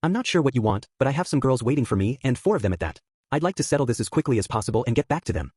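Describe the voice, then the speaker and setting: A man's voice: mid-range voice, very animated, rapid-fire, a little mellow, breathy edge, no echo, clean studio sound. A man reading an eerily polite female cult leader. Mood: apologetic. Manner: overly apologetic, sugary politeness.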